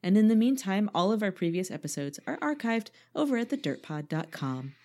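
A woman's voice: mid-range voice, very animated, a little fast, warm tone. A woman co-hosting a podcast, reading from a script with playful, self-mocking asides and frequent laughter. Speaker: podcast co-host.

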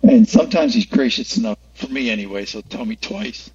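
A man's voice: medium pitch, very animated, fairly quick, crowd noise. A man as an interview guest, explaining his faith earnestly in casual conversation. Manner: earnest, explanatory, many restarts. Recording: distant, muffled lo-fi audio.

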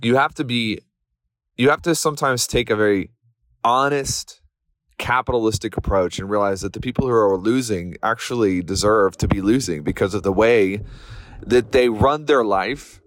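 A man's voice: on the low side, moderate pace. Blunt fired-up male podcast host. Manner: blunt, fired-up, swears lightly. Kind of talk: motivational podcast monologue.

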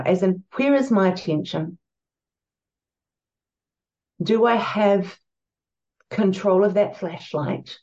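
A woman with a New Zealand accent, a podcast guest who speaks in a gentle, musing, spiritual way. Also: mid-range voice, slow pace, long pauses, lo-fi sound. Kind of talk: reflective conversational chat.

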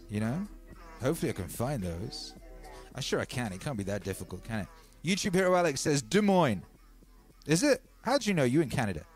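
Animated English man chatting on stream. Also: medium pitch. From England. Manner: animated, slangy, reads chat aloud. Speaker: livestream host. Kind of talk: casual livestream chat.

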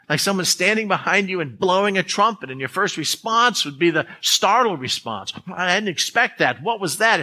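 Bright-voiced man preaching a sermon. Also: on the high side. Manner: earnest, emphatic preaching with repeated restarts. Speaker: pastor.

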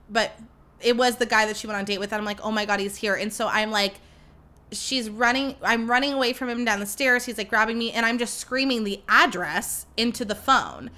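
A woman's voice: a little high, pushed and bright. A young woman hosting a podcast, telling stories in a chatty, casual way, full of fillers and the odd swear word. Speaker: podcast host. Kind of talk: casual chat.

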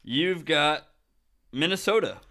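Chill guy w a bright voice, ribs his buddy, laughs a lot on the podcast. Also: on the high side, expressive, slow. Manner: easygoing, teasing, calls partner buddy and brother, laughs often. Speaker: podcast co-host. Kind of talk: casual podcast chat.

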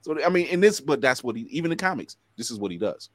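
A man co-hosting a casual chat show, animated, joking and acting out quotes. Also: medium pitch, no echo. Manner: animated, quick to joke, acts out quotes. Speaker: podcast co-host.

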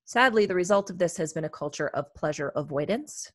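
Her voice is lowish and animated, and she talks fairly quickly. A therapist co-hosting a wellness podcast, she keeps the casual conversation chatty and reflective with many fillers, recorded in studio quality without echo.

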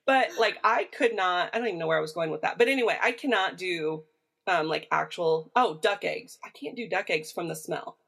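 A woman's voice: fairly low pitch, brisk, gravelly, a bit bright, slightly rough. A woman with a Midwestern American accent, co-hosting a podcast in casual chat, chatty and prone to side notes. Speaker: podcast co-host.

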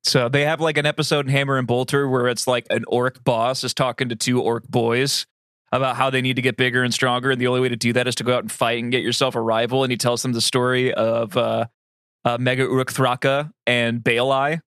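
A man's voice: mid-range voice, little pitch movement, brisk, a bit bright, clear, resonant tone, dry recording. Guy rambling thru a story, swears a lot, mid voice, dry close mic. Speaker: podcast co-host. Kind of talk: casual chat.

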